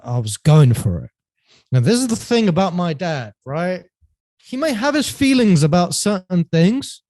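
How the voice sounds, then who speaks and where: A man as a podcast guest, telling his story in a relaxed way with many fillers and self-corrections. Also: on the high side, no echo. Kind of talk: casual storytelling interview.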